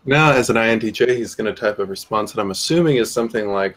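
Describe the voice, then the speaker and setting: A man's voice: fairly low pitch, fast, few pauses. A man in casual chat, joking in a dry, skeptical way.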